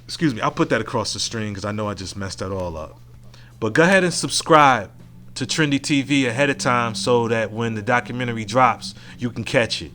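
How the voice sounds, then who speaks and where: A man's voice: mid-range voice, brisk, sharp tone. Frank, profane man hosting a solo podcast. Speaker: podcast host. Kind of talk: casual solo podcast monologue.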